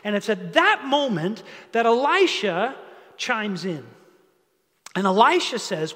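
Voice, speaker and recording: High-voiced pastor preaching. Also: male voice, slow pace, big-room sound. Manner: conversational, animated storytelling with asides. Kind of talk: sermon.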